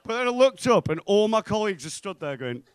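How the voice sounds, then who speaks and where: A young man from the North West of England, performing a stand-up comedy set in a club, delivering deadpan punchlines and acting out the voices of people in his stories. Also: high-pitched, fast, clear, resonant tone.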